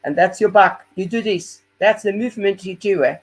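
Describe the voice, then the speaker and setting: A man's voice: sits high, moderate pace, husky. A man teaching core exercises in a live webinar as a fitness coach, explaining step by step in non-native English and often checking in with "yeah?".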